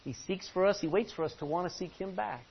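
A male pastor preaching a sermon from the front of a church, impassioned, swinging from loud pleading to low intensity. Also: fast, vocal fry. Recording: dull lo-fi recording with faint hiss.

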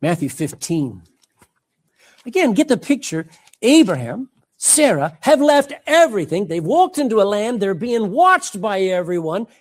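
Animated preacher man delivering a sermon. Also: high-pitched, measured pace. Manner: emphatic, calls out to the congregation. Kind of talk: sermon with scripture reading.

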